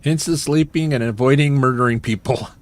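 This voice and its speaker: A man's voice: medium pitch, fairly quick. A man giving casual gameplay commentary and chatting with viewers, joking and chuckling often. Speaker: game streamer. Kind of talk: casual gameplay commentary while reading chat.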